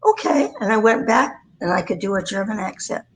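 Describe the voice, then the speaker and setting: The audio is poor, with a little hiss or hum on the remote livestream call. A woman in her nineties, a voice actress appearing as a guest, rambles through self-deprecating stories from her career, speaking fairly fast at medium pitch with lively intonation.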